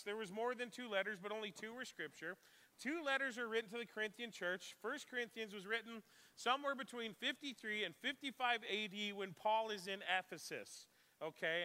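Bright, high-voiced man preaching a sermon. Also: big-room sound. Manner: conversational, asks the congregation questions. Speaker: pastor. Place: church sanctuary.

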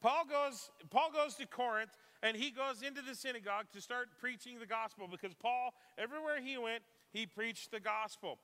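A man's voice: very high voice, normal speed, few pauses, bright, forceful tone, in a large hall. A man preaching a sermon in a church, talking conversationally and putting questions to the congregation. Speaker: pastor. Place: church sanctuary.

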